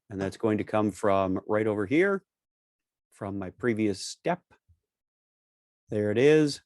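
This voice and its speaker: Male co-host, lowish voice, dry close sound, joking demo style, hammers key points. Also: a little mellow, dry recording. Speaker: co-host presenting a software demo. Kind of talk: casual screen-share tutorial.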